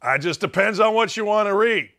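A man's voice: high-pitched, lively intonation, brisk, sharp tone. A middle-aged man hosting a sports talk show, delivering a blunt, emphatic, sarcastic monologue. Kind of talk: opinionated monologue.

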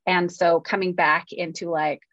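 On a screenwriting podcast, a jet-lagged Californian co-host talks in a lowish, flat, slightly slow and somewhat bright voice. The casual chat is self-deprecating, packed with fillers and laughter, and the audio is dull with no room sound.

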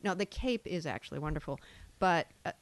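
An older woman from Massachusetts with a Boston accent, telling stories in a chatty, animated way in casual conversation. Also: on the low side, a little fast, no echo. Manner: chatty, animated storyteller, trails off and restarts. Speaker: guest. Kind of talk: casual chat.

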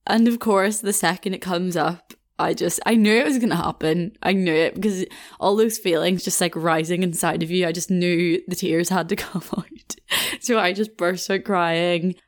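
A young woman hosting a podcast, telling a personal story in a chatty, self-mocking way and laughing now and then. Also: on the low side. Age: young adult. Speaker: podcast host. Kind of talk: casual storytime monologue.

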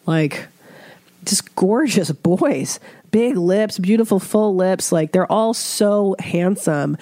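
A woman's voice: lowish voice, dark tone, no room sound, studio quality. Congested, chatty, swearing woman host. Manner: chatty, swears freely, puts on voices when quoting others. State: congested from a cold. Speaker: podcast host. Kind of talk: casual chat.

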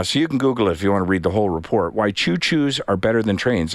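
A middle-aged man hosting an afternoon radio talk show, chatting in a relaxed, rambling way with many pauses. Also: on the low side, no room sound. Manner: relaxed, rambling, frequent uhs. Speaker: radio host.

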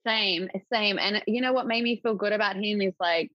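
Brief: young woman guest, candid chatty tone, middle pitch, dry and slightly muffled recording. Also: normal speed, no room sound. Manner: chatty, open, full of filler likes. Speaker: podcast guest. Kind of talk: casual chat. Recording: dull, dry lo-fi audio.

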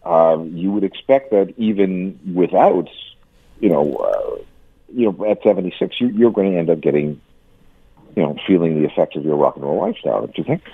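A man commenting on the music industry in a radio interview, stammering and repeating words with an animated delivery. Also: sits low, normal speed, vocal fry, husky, no room sound. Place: lives in Canada. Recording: tinny phone line.

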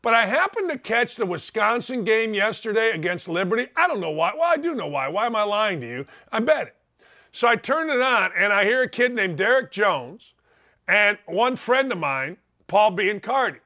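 Emphatic high-voiced sports talk host. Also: male voice, big pitch swings, moderate pace, bright, forceful tone. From Indiana. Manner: emphatic, rambling, repeats words for stress.

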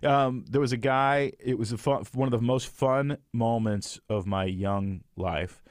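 A man's voice: mid-range voice, measured pace, no echo, studio quality. A middle-aged man, a guest author, telling stories in casual conversation, acting out quotes and laughing often. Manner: animated storyteller, acts out quotes, laughs often. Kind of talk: casual storytelling chat.

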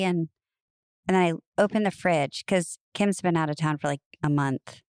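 A woman's voice: lowish voice, fairly quick, smooth, no room sound, clean studio sound. A woman co-hosting a podcast in casual chat, a chatty storyteller who laughs easily and says "like" often. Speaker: podcast co-host.

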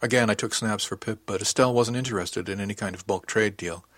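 A man reading a novel aloud in the first person as an audiobook narrator, with even, unhurried storytelling. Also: on the low side, dry recording, studio quality.

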